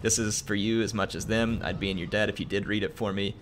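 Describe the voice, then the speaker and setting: A young man on a gaming stream reading a viewer's message aloud, halting and emotional, full of ums, earnest and grateful. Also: fairly low pitch, fairly even intonation, a little hiss or hum. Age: young adult.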